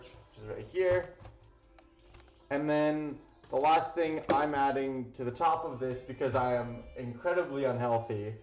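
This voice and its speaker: Here a man hosts a live cooking stream in a slightly mellow mid-range voice. He rambles casually, dropping in lots of fillers and the occasional curse, over roomy, dull lo-fi audio with faint music.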